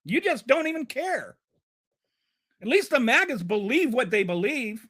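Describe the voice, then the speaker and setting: A man's voice: very high voice, big pitch swings, measured pace, a bit bright, slightly rough. A man hosting a live stream and ranting about politics. He is heated and sarcastic, and he stumbles and repeats words when he gets flustered.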